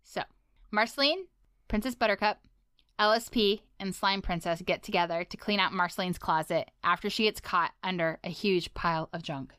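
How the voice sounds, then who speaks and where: A woman's voice: fairly low pitch, moderate pace, fairly bright tone, smooth, no echo, studio quality. A woman co-hosting a podcast in casual chat who reads out listener mail in a friendly, easygoing way. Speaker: podcast co-host.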